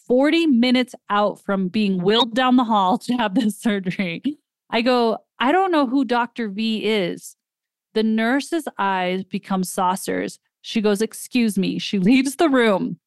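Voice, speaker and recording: Woman host, smooth clear voice, dry close sound, animated storytelling with acted-out quotes. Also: medium pitch, no room sound. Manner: animated retelling, acts out quoted dialogue. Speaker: podcast host. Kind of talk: personal storytelling.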